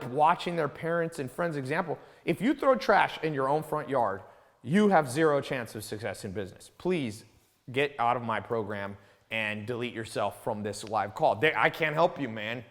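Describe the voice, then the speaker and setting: This is a man hosting a mentoring call, lecturing off the cuff. He is blunt and ranting, his pitch and loudness swinging a lot. His voice rings out in a long reverb. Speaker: host of a mentoring live call.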